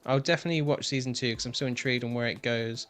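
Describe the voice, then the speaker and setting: A man's voice: mid-range voice, racing, a bit bright. Male panelist, mid voice, hedging, full of ums, faint music behind. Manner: hesitant, lots of ums, weighing his words. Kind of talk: casual panel chat.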